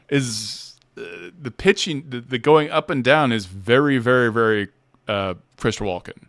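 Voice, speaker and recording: A man's voice: medium pitch, normal speed, a bit bright, no echo, clean studio sound. A man hosting a casual livestream chat who talks playfully and laughs often. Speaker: host.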